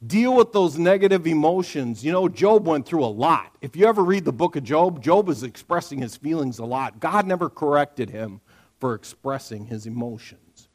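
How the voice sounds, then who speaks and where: A man preaching a sermon, joking with the congregation and breaking into sudden loud outbursts. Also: fairly high pitch, lively intonation, normal speed. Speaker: pastor. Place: church.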